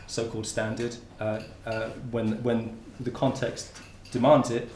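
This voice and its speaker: A Hertfordshire man, working as a university researcher, presents an informal conference talk at a measured pace, his medium-pitched voice darkish and level in tone. He frequently restarts sentences and adds fillers. The roomy lecture-room recording has a little hiss or hum.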